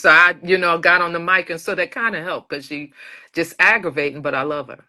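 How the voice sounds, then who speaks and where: A woman's voice: fairly low pitch, fairly quick. A woman guest poet chatting in an interview, telling stories and acting out quoted dialogue. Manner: animated storyteller, acts out quoted dialogue. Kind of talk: casual interview chat.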